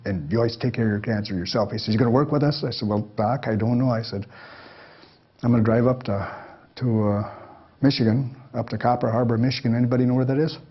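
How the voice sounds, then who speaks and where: A fast-talking older man with a husky, mid-range voice spins folksy, rambling stories about his life to an audience. His chuckles keep interrupting, and the lecture recording sounds dull and lo-fi.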